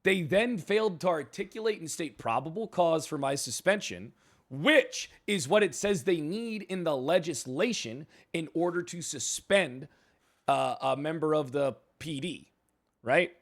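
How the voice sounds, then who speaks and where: A man's voice: fairly high pitch, lively intonation, unhurried. A man streaming in character as a suspended police chief, giving a heated, profane, rambling recap of a meeting. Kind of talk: in-character roleplay storytelling.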